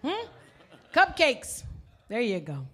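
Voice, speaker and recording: A woman's voice: a little high, wildly swooping pitch, slow pace, pushed and bright. A woman comedian bantering playfully with a live audience between songs, teasing them and joking about her performance. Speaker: comedian and singer.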